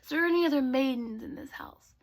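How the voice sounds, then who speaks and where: A woman's voice: high voice, fairly quick, natural voice. A woman voicing a polite, formal royal guard and prince in a bedtime story.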